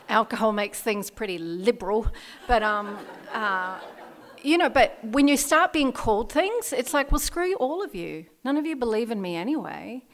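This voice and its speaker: A woman telling her recovery story at a meeting, candid and laughing often, with many fillers. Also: medium pitch. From Australia. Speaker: AA meeting speaker. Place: meeting hall. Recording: very echoey hall.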